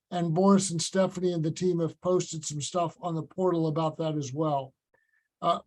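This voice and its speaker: A man chairing a virtual meeting, talking in a measured way with frequent fillers and restarts, heard over a video call. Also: high voice, darkish tone, low-quality recording.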